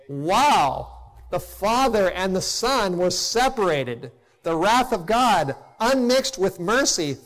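A middle-aged man preaching a sermon, impassioned, rising to emphatic peaks and then dropping soft, telling stories with acted quotes. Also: sits high.

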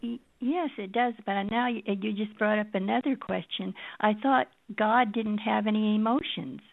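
A woman's voice: mid-range voice, steady tone, normal speed, vocal fry, dry recording. A woman calling in to a radio show, asking puzzled questions. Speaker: caller. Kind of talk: phone-in question. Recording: tinny phone line.

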